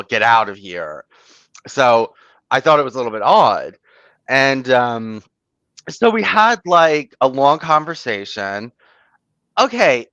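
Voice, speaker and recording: A man's voice: mid-range voice, a bit bright, clear, resonant tone, no room sound. A man talking casually as a host, telling a story in rambling fashion, full of "like" and "you know" and free swearing. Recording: dull, muffled lo-fi audio.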